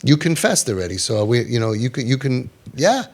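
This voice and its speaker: Gravelly man giving an impassioned talk. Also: very animated, brisk, darkish tone. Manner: emphatic, repeats phrases, drops low for stress; mixes in Yiddish and Hebrew words. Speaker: parenting speaker.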